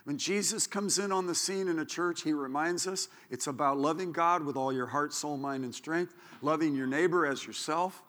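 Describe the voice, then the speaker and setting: A man's voice: a little high, moderate pace, few pauses. A man preaching a sermon as pastor, telling stories with joking asides. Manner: animated storytelling, joking asides. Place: church sanctuary. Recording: church hall reverb.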